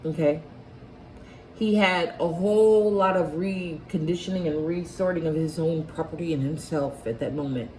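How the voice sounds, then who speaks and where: A woman's voice: sits low, moderate pace. Agitated woman telling a story, echoey room. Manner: profane, agitated storytelling with many restarts. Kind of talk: heated casual conversation. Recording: echoey room with loud background noise.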